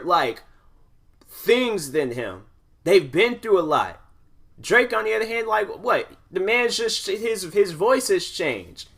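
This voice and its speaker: A man's voice: high voice, pushed and bright. A young man hosting a podcast who talks in a rambling, casual way, full of fillers and restarts. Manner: rambling, filler-heavy talk with many restarts. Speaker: podcast host. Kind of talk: casual monologue.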